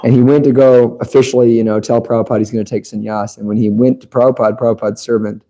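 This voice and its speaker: Male devotee commenting, very dark mellow voice, animated storyteller. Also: medium pitch, fast talker, poor audio. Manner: animated, tells stories with quoted dialogue. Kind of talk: anecdotal storytelling.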